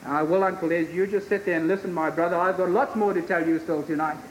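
A man's voice: high voice, fairly even intonation, quick pace. A man preaching an impassioned revival sermon in a church, building his points through repeated rhythmic refrains. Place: church sanctuary. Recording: echoey church recording with hiss.

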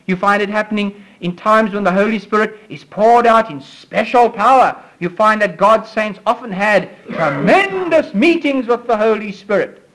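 A man delivering a sermon in a notably high voice. His preaching is fervent, rising to emphatic peaks and falling back low, with phrases repeated for weight. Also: animated, normal speed, a bit bright, poor audio. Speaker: pastor.

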